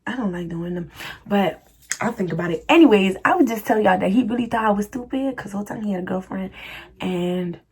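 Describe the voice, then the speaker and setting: A woman's voice: mid-range voice, brisk, husky. A young woman vlogger answering viewer questions in a chatty, slangy, laughing style. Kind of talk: casual Q&A chat.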